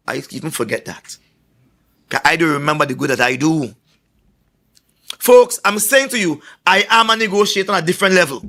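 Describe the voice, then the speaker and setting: Boastful high-voiced Trinidadian man at a rally. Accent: Trinidad and Tobago. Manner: boastful, forceful storyteller. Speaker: political candidate. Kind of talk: political rally speech.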